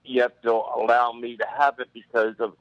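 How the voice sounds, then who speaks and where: A man's voice: medium pitch, level tone, moderate pace, dry recording. Male caller on a dull phone line. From Northeast Pennsylvania. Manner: rambling, loose, with fillers. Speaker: caller, firefighter and EMT. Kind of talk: phone-in storytelling.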